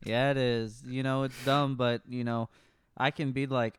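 A man's voice: medium pitch, flat delivery, moderate pace, clear, resonant tone, no room sound. A man co-hosting a podcast, chatting casually and sarcastically about a movie, swearing and laughing often. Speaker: podcast co-host. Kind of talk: casual movie review chat.

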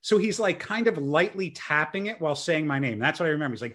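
Man, young adult, slightly high pitch, animated, self-mocking, casual storytelling. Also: fast. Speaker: guest telling a story. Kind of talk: casual storytelling in a podcast chat.

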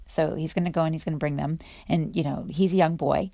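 A woman leads a casual devotional for other women, enthusiastic and full of chatty fillers. Her voice is mellow and a little low. The sound is dry and close. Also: steady tone, fairly quick, creaky, no room sound. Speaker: women's Bible teacher.

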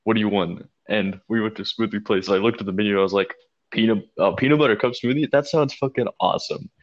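A low-voiced man co-hosting a casual podcast, telling a story with plenty of swearing and energy. The recording sounds dull and lo-fi. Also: quick pace. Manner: animated, profane storyteller with frequent laughs. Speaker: podcast co-host.

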